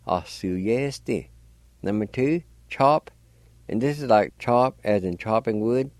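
A man's voice: mid-range voice, expressive, slow, a little mellow, no echo. A man teaching language on the radio, patiently spelling out and pronouncing words letter by letter. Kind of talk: slow spelling and pronunciation lesson.

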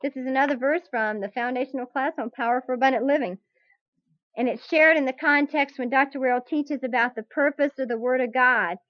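A woman teaching a Bible class to a live group, earnest and slow on key points, putting questions to her listeners, on a dull lo-fi tape recording. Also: high voice, no room sound. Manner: earnest, drawn-out emphasis, asks the audience questions.

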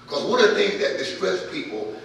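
Pastor preaching in an echoey hall. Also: male voice, sits high, sing-song, a little fast, vocal fry, fairly bright tone, slight background noise. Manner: preaching with rising volume and calls of amen. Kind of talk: sermon. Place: church sanctuary. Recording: distant mic in an echoey church hall.

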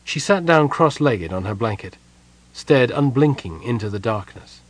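A man narrating a fantasy audiobook in a steady, even storytelling voice. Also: mid-range voice, normal speed, no echo. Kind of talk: scripted narration.

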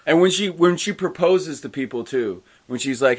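A man talking casually as a podcast co-host at a middle pitch. He rambles and hesitates, and he slips into characters' lines when he retells scenes. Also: expressive, normal speed. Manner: rambling, hesitant, acts out quotes. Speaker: podcast co-host discussing comics. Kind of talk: casual chat.

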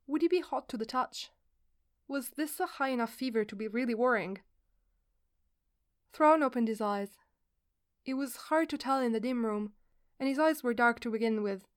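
A woman reads a fan fiction story aloud in a steady, even storytelling manner. Her voice is smooth and clear and sits slightly high. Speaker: reader.

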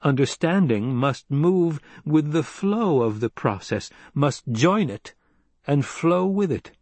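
A man's voice: on the high side, animated, slow, darkish tone, dry recording, voice pushed up, exaggerated voice. A man voicing an earnest, troubled young male heir who speaks urgently when upset.

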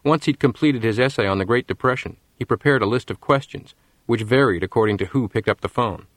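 A man narrating an audiobook at a middle pitch, steady and measured. The recording is dry and close, with no room sound. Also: no echo. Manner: measured storytelling. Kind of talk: scripted narration.

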